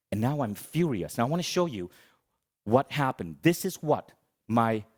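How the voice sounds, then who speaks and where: Animated middle-aged man telling a story. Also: medium pitch. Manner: animated, dramatic, self-mocking storytelling. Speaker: motivational speaker. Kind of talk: comic storytelling keynote talk.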